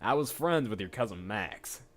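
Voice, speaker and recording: A man's voice: lowish voice, animated, normal speed, a bit bright, soft background music, voice pushed down. A man voicing a friendly young man greeting someone new.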